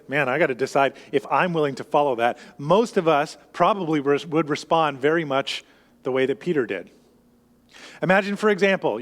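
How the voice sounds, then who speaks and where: A man's voice: fairly high pitch, fairly bright tone. A man preaching a sermon as pastor, talking conversationally with restarts and acting out what the people in his story say. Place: church sanctuary. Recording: long church reverb.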